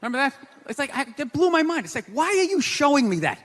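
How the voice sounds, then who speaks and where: A male stand-up comedian doing a brash set, shouting and talking to the crowd. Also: very high-pitched, big pitch swings, fast. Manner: brash, shouting, talks to the audience. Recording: live room with crowd and noise.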